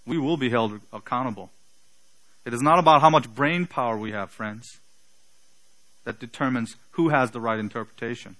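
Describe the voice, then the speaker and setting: A man preaching a sermon, building to loud emphatic peaks and trailing off quietly at the ends of phrases. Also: medium pitch, moderate pace, pauses often, poor audio.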